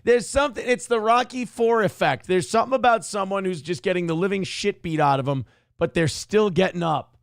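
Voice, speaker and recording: A man's voice: high voice, fairly quick, clear, resonant tone, no echo, clean studio sound. A man hosting a show, giving sarcastic, joking commentary on a video clip and laughing often. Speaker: show host.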